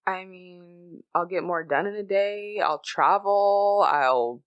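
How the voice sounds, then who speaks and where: A woman's voice: mid-range voice, takes it slowly, smooth, dry recording, dull audio. A woman guesting on a casual podcast, teasing the others and laughing often.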